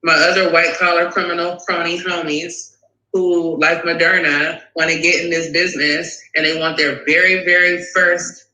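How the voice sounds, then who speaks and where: A man with a bright, tense, fairly high voice, ranting in an animated, sarcastic, profane way. He hosts a call-in talk show. The sound is echoey, like a bare room. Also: normal speed. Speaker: host. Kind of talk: profane political rant and call-in chat.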